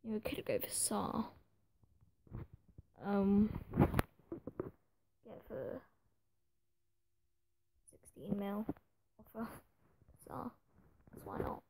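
A woman's voice: medium pitch, expressive, very slow, gravelly, pauses often, warm tone, a little hiss or hum. A woman giving running commentary over a football management game, often exasperated and muttering to herself. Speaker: gaming video creator. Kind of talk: gameplay commentary.

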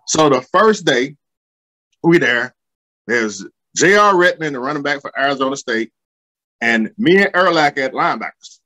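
A man, telling rowdy football stories in slangy, swearing, animated chat. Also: on the high side, moderate pace. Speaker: guest, former football linebacker. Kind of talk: casual storytelling.

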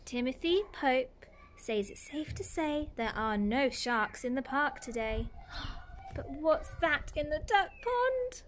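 A woman, a nursery teacher, reading a picture book aloud to young children in an animated way, full of gasps. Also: sits high, slow pace, slight background noise. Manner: animated, gasping, exaggerated storyteller.

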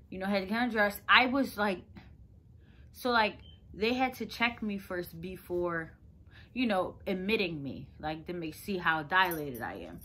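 A woman's voice: mid-range voice, bright, forceful tone. A young woman telling a personal story to her viewers in a chatty, rambling way. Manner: chatty, rambling, lots of "like" fillers. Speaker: vlogger. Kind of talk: casual storytelling to camera.

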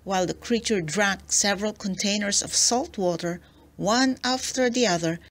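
A woman narrating a children's storybook aloud, slow and expressive. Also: medium pitch. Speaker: storybook reader.

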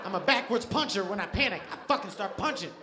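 A man telling animated stand-up stories on stage, acting out voices and shouting. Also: high voice, fast, noisy background. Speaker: stand-up comedian. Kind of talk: stand-up comedy storytelling. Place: large theater stage with audience.

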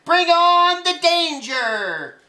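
A woman voicing an eager young boy who wants to be a hero, in an earnest, excited manner, in an echoey room. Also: high-pitched, unhurried, voice pushed up, heavily acted. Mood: heroic.

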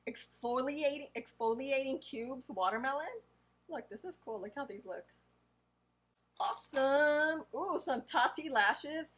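A woman beauty vlogger talking casually, reading product names aloud slowly and adding chatty asides. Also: high voice, fairly bright tone, slightly rough, low-quality recording. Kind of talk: casual haul unboxing.

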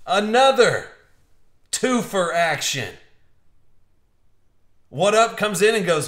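A man's voice: high-pitched, big pitch swings, takes it slowly, long pauses, a bit bright, roomy sound. A man hosting a live-streamed trading card box break, chatty and upbeat, joking with viewers as he opens packs. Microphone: streaming mic.

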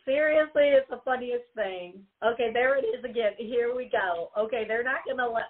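A woman with a slightly high voice talks at a moderate pace with hardly any pauses while hosting a psychic call-in radio show. The audio is tinny, like a phone line, and she chats, giggles, and keeps repeating her warnings to the caller.

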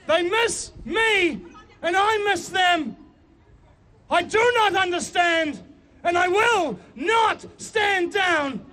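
A man pleading and shouting repetitively to a crowd at an outdoor street protest. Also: very high voice, animated, slow. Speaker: protester being arrested. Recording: loud street crowd noise.

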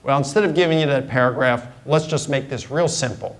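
A man's voice: mid-range voice, a little fast, low-quality recording. A middle-aged man giving a university guest lecture in a conversational way, explaining points through simple examples. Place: lecture hall.

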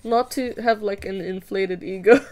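A woman's voice: medium pitch, unhurried, a little mellow. A young woman chatting casually with viewers while drawing on a live stream, playful, giggly and self-mocking. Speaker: streamer drawing fan art.

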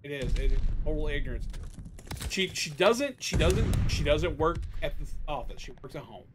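A young male gaming streamer talks casually while he plays, ranting and cursing heavily and tripping over restarts. His voice sits fairly high, with a faint hiss underneath. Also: lively intonation, normal speed. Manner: ranting, swears constantly, restarts sentences. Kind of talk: casual live-stream chat.

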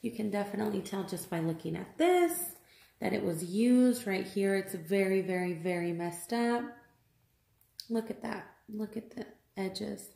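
An exasperated woman vlogger talks through an unboxing, circling back on the same complaints with plenty of fillers. Her voice sits at an ordinary middle pitch and bounces around an echoey room. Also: animated, a little slow, creaky, warm tone. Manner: upset, exasperated, repeats herself, many fillers.

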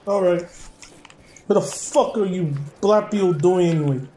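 A young man giving loud, profane, rowdy commentary while playing a game. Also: high voice, a little slow, a little hiss or hum. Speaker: gameplay commentator. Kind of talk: crude gameplay commentary.

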